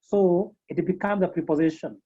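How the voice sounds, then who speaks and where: A woman teaching a beginners' French class over a video call, slowly repeating each term several times. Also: lowish voice, dark tone, slightly rough, highs cut off. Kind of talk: online language lesson.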